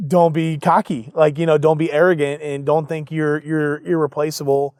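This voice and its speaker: A young man with a fairly high voice recounts a business story in casual conversation. He is animated and leans on fillers. He acts out what people said. The sound is dry and close, with no room echo. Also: moderate pace. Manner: animated, full of fillers and acted-out quotes. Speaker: business founder, interview guest.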